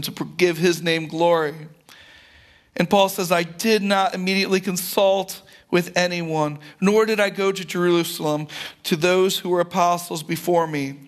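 High-voiced earnest male pastor preaching. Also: fairly bright tone. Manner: earnest and conversational, with repeated words and restarts. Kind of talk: sermon.

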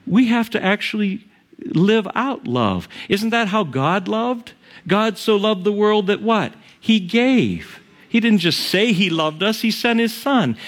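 A male pastor preaching in a church. His voice sits a little high for a man and climbs higher when he drives a point home. He drops low and quick when he tells a story, and he keeps asking the congregation questions. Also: lively intonation. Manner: conversational preaching with rhetorical questions and humor; rises high and emphatic on key points, drops low for asides. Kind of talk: sermon.

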